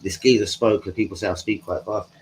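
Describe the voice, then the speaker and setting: A man's voice: lowish voice, steady tone, brisk, a little hiss or hum, low-quality recording. A man hosting a live stream from home, chatting casually in a rambling, slangy way and talking to his viewers. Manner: rambling, slangy, talks to chat.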